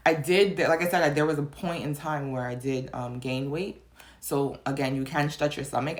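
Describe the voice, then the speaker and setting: Young woman vlogger, slightly low voice, teary and emotional, rambling confessional delivery. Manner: rambling, many fillers and restarts. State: tearful, emotional. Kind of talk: personal confessional vlog.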